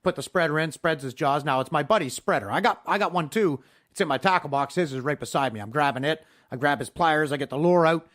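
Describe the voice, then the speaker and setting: A man hosting a podcast, chatting casually and telling a fishing story full of swearing. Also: a little high. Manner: profane, animated storyteller. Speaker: podcast host.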